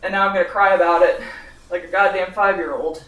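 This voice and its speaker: A man's voice: high voice, fairly even intonation, fast, sharp tone. A young man in his twenties rambles through a casual cooking vlog, worn out and sick from sunburn. He mocks himself, swears freely and keeps breaking into laughter. His voice comes from a distance in an echoey kitchen. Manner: rambling, self-mocking, swears often, laughs between phrases. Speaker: vlogger. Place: home kitchen while cooking.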